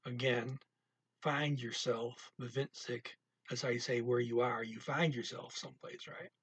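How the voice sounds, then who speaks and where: Male tutor, husky and unhurried, breaking phrases down word by word; dry, close sound. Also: fairly even intonation, no room sound. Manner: reads target-language lines louder and higher. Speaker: language tutor. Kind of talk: casual spoken language lesson.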